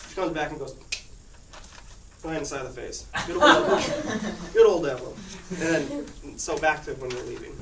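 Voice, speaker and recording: A teenage boy telling a rambling personal story to his class, laughing often as he talks. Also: on the high side. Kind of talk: casual personal anecdote. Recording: echoey room, far-off mic, noisy.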